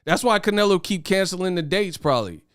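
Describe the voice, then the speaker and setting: Fast-talking male boxing show host. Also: high-pitched, smooth, no room sound, clean studio sound. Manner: fast-talking, slangy, excitable, often laughing. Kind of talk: casual livestream commentary reading viewer chat.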